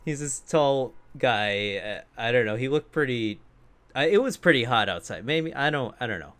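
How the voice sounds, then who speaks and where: A man's voice: mid-range voice, lively intonation, normal speed, a bit bright. A man co-hosting a podcast, telling a profane, laughing story about a rude customer in casual chat. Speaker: podcast co-host.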